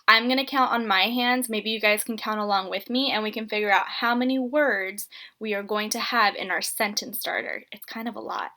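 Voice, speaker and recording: A woman teacher giving a writing lesson to young children, speaking slowly and encouragingly and stretching out letter sounds. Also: mid-range voice, a bit bright.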